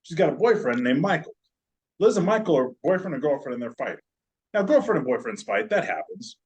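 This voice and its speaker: A man's voice: on the high side, big pitch swings, a little fast, a little mellow, rough recording. A man, a podcast guest, telling a long story in casual, joking, profane chat.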